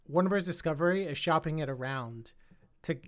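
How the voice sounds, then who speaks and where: A woman hosting a casual film podcast, talking animatedly and repeating words when she gets excited. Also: sits low, brisk. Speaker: podcast host.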